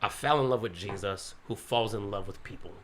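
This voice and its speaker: Pastor guest, quick bright man, animated storyteller, faint hum behind. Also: lowish voice. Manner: animated, acts out quotes, says "bro" often. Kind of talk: casual storytelling chat.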